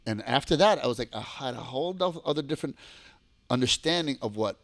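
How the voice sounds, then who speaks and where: A man in his forties from New York, a guest telling stories in a lively, profane, casual way. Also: mid-range voice, quick pace. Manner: animated, profane, acts out quoted voices. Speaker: podcast guest, former fighter. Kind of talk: casual storytelling.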